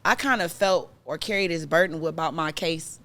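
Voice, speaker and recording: Low-voiced woman telling an emotional story. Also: moderate pace. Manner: emotional, animated retelling, many fillers. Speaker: podcast guest. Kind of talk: personal storytelling in casual chat.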